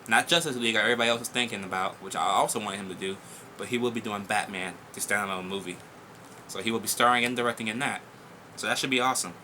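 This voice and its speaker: Bright-voiced profane young man vlogging. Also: lowish voice, fast talker, slight background noise. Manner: blunt, profane, excitable, chatty. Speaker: YouTube host answering viewer questions. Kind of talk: casual Q&A vlog.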